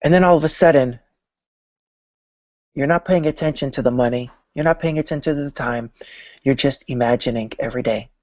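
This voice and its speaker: A man's voice: mid-range voice, brisk, pauses often, a little mellow, no room sound. A man talks about manifesting in a storytelling way, often slipping into imagined back-and-forth conversations. His voice sits in a middling register. The recording is dry and a little dull, with no room sound. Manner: storytelling, acting out imagined dialogues. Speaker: spiritual vlogger. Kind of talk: motivational talk on manifesting.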